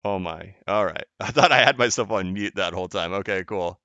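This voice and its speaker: A man's voice: sits low, brisk, pushed and bright, dry recording, lo-fi sound. A man hosting a crypto live stream, chatting casually as he reads viewer comments, rambling and correcting himself, often laughing.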